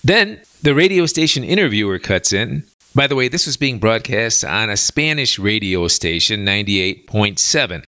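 A male talk show host relaying a translated interview in an animated, indignant retelling. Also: on the low side, moderate pace, hardly any pauses, no room sound.

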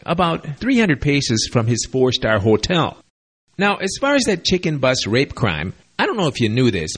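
A man's voice: medium pitch, breathy edge. A man hosting a video, telling a crime story in a casual monologue with sardonic, wry asides. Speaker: video host. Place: lives in Latin America.

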